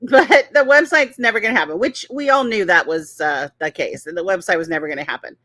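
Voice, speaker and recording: A woman's voice: fairly low pitch, fairly quick, sharp tone, dry recording. A woman co-hosting a casual commentary chat, blunt and mocking, laughing often. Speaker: co-host.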